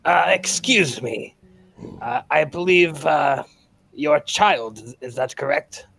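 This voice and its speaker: A man voicing a polite, measured male adventurer in a tabletop game. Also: a little high, animated, vocal fry, fairly bright tone, dry recording, faint music behind, voice pushed up, exaggerated voice.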